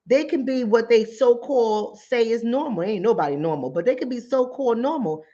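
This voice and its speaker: A woman's voice: fairly high pitch, animated, fairly quick, warm tone. A woman hosting a mental health talk show, speaking in an emphatic, informal way and repeating phrases to drive her points home. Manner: informal speech, acts out callers and her own replies. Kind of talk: conversational commentary. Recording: dull lo-fi recording.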